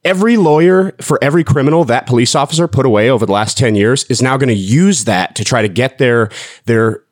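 A man speaking as a panelist in a discussion, talking in a measured, reflective way. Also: mid-range voice, dry recording, studio quality.

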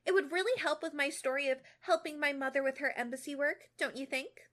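A sly teenage bully with a high, sugary voice that turns cutting, drawing out each line, as a young woman puts her on. Read aloud casually from a fan story. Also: fairly even intonation, fairly quick, a bit bright. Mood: sneering.

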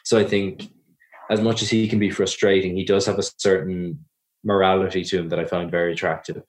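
A young Irish man with a low, deep voice talks through his answers slowly and thoughtfully. He often stops to rephrase, and he sounds like an actor reflecting on his work in an interview. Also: flat delivery. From Ireland. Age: young adult. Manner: thoughtful, measured, self-correcting. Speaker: actor guest. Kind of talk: podcast interview.

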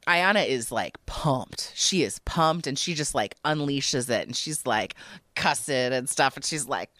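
A woman's voice: rumbling low, lively intonation, a little slow, a bit bright, no echo. A woman co-hosting a podcast, animatedly recapping a TV episode in casual chat, emotional and full of fillers. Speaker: podcast co-host.

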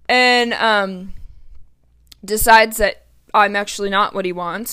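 A woman's voice: mid-range voice, takes it slowly, pauses often, pushed and bright, clean tone. Chatty young woman venting. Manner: chatty, lots of "like", blunt and profane. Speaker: podcast host. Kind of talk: candid personal storytelling.

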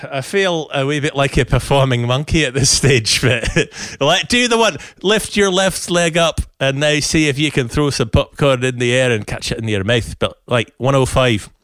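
A man's voice: medium pitch, moderate pace, hardly any pauses, fairly bright tone, no room sound, pitched above the performer's own voice, natural voice. A man putting on a playful Scottish accent with mock-scolding humour in a podcast chat. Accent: Scottish (put on). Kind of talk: comic put-on voice in a podcast chat.

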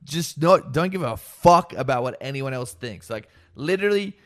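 A man's voice: mid-range voice, expressive, normal speed. A young man on a podcast, telling crude stories with brash energy and acting out quotes. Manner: brash storytelling, acts out quotes. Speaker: podcast co-host. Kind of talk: crude casual chat.

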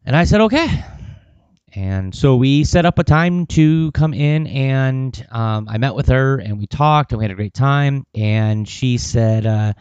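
A man's voice: medium pitch, a little slow, hardly any pauses, a little mellow, clean tone, no room sound, dull audio. A man talking casually in a personal vlog, rambling with lots of fillers and swearing. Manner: rambling, profane, with many fillers. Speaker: vlogger.

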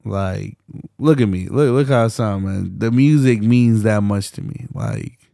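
A young man talks slowly and low on his solo podcast, his voice rough with fry. He rambles with passion through fillers and restarts and swears freely. The sound is close and dry. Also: mellow, no room sound. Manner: swears often. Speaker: podcast host.

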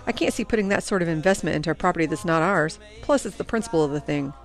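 A woman voicing a tired, hardworking father who speaks in a measured, sighing way. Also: fairly low pitch, lively intonation, faint music behind. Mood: defensive. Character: tired hardworking father, gentle but firm.

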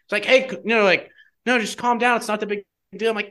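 A young man chatting casually as a guest, telling a personal story in an animated way, full of "like" fillers. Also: high voice, quick pace. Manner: animated, heavy use of "like" fillers.

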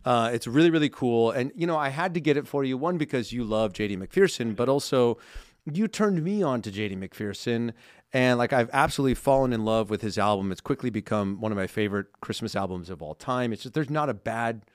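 A man's voice: mid-range voice, brisk, no echo, studio quality. A man in his thirties co-hosting a podcast, chatting playfully and with energy while handing over gifts. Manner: playful, animated gift-giving banter. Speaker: podcast co-host. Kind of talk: casual chat.

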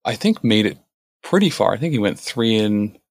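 A man talking in a relaxed, rambling way as a podcast co-host, telling a story from an event he ran. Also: on the low side, moderate pace, no echo. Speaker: podcast co-host, tournament organizer. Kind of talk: casual podcast chat.

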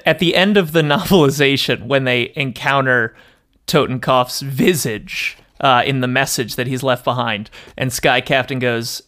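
A man's voice: medium pitch, normal speed, sharp tone. A man in casual conversation giving frank, opinionated critiques with some laughter. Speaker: podcast co-host. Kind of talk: casual discussion.

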